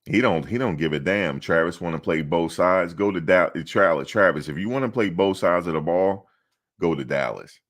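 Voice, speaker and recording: A man hosting casual sports talk, rambling and animated, often quoting others in his own voice. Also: low voice, normal speed. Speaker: sports commentary host.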